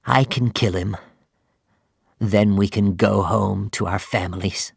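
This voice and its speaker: A man's voice: on the low side, fairly even intonation, takes it slowly, creaky, slightly rough, no echo, studio quality, exaggerated voice. A man voicing a ship's first mate who begs his captain to turn back. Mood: torn, quiet. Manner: pleading, urgent.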